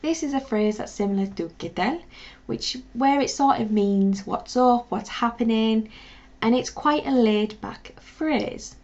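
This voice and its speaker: Encouraging woman teacher with a gravelly edge. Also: a little high, unhurried, a little mellow. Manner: encouraging, spells words out, repeat-after-me drills. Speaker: language teacher. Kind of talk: beginner language lesson. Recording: dull lo-fi sound.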